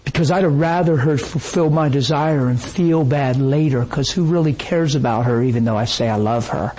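Man, pastor, animated storytelling sermon, average pitch, faint background noise. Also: moderate pace, low-quality recording. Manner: animated storytelling, acts out quoted voices.

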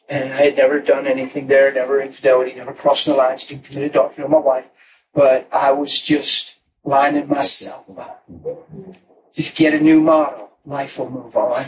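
A man with a high voice preaches his own testimony, telling the story with animation and breaking into laughs and shouts. He sounds set back from the microphone, and clear room noise sits under his voice. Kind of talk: testimony sermon. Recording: distant mic with noisy room ambience.

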